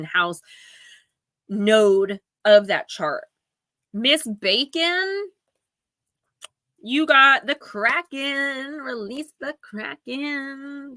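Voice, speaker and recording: A woman's voice: mid-range voice, bright, forceful tone, no echo. A woman reading oracle cards on a live stream, chatty and emotional, sniffling now and then as she talks straight to her viewers. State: tearful, sniffling.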